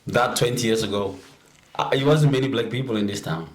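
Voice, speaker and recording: Brief: man, lively storyteller, laughs easily, stumbles into sentences, room echo. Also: medium pitch, brisk. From South Africa. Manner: animated, laughs often, repeats words when starting. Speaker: podcast guest. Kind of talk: casual storytelling chat. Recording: roomy echo.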